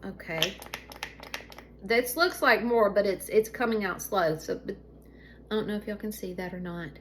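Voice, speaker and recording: At normal speed and in a mid-range voice, a middle-aged Alabama woman with a Southern accent rambles casually to her viewers, easily pulled off track. A little hiss or hum is audible in this vlog clip.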